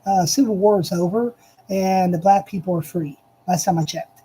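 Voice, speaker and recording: Addressing listeners head-on, a political commentator hammers every point in a fervent, repetitive monologue. The voice is mid-range, dark and slightly rough, with a steady tone and moderate pace, and the recording quality is low.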